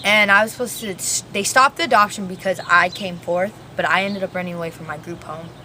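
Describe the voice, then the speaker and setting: An eighteen-year-old woman telling her story in a casual, animated interview. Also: fairly low pitch, brisk, slight background noise. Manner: animated retelling with acted quotes, casual.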